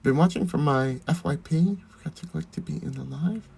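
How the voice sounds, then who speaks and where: A man's voice: a little high, fairly quick, gravelly, darkish tone, slightly rough. A man who performs in drag, chatting casually on a phone live stream while doing his makeup, reading out and answering viewer comments. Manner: chatty, reads viewer comments aloud and thanks them.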